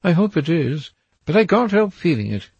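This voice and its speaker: A man doing a nervous, brooding young gentleman. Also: on the high side, big pitch swings, normal speed, husky, no echo, lo-fi sound, pitched above the performer's own voice, heavily acted. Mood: anxious. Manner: raised, pleading and anxious.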